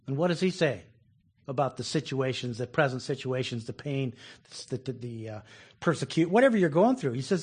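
A man's voice: medium pitch, animated, fairly quick, slightly rough. A man preaching a conversational sermon, chuckling often and acting out people's complaints. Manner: conversational, laughs often, acts out quoted complaints.

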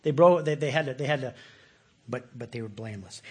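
A man preaching a sermon in a relaxed, conversational way who often puts questions to his listeners. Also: mid-range voice, fairly quick, slightly rough. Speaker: pastor.

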